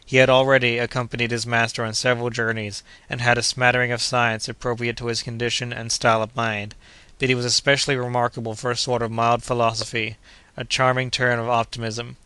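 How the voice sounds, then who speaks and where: Bright, crisp-voiced male audiobook narrator. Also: medium pitch, flat delivery, fairly quick, no room sound. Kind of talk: scripted narration.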